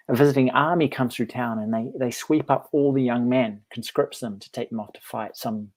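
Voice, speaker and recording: A man with a middle-pitched voice, talking casually to camera as a meditation teacher. He tells a parable in a friendly, reflective way, chuckling often and restarting his phrases. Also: a little mellow. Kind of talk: casual storytelling vlog.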